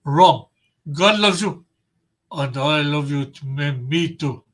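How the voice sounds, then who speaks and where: A man voicing a calm, kindly male superhero who earnestly reassures a desperate stranger. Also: fairly high pitch, slow pace, voice pushed down. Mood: reassuring.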